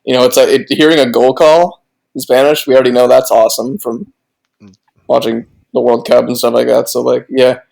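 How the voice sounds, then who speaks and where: Man, podcast co-host, mid-pitched voice, loose chatty rambling, quick to laugh. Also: little pitch movement, gravelly, a little mellow, rough recording. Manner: jokey, laughs often, rambling with restarts. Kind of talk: casual podcast chat.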